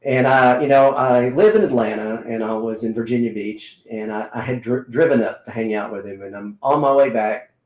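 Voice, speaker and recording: A middle-aged man, a martial arts instructor, tells a personal story in a relaxed, halting way, with many fillers and restarts. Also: medium pitch, highs cut off. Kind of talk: casual conversational storytelling. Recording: roomy echo.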